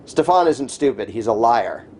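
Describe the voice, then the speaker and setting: Interview guest, male, mellow tone, emphatic and scornful delivery. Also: medium pitch, sing-song, normal speed, a little hiss or hum. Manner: emphatic, scornful, mocks opponents' voices. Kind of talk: conversational interview.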